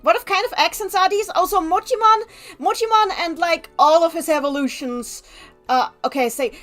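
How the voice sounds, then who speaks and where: Chatty high-voiced woman streamer. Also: moderate pace, a bit bright, faint music behind. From Germany. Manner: chatty, reads chat aloud, rambling asides. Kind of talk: gameplay livestream commentary.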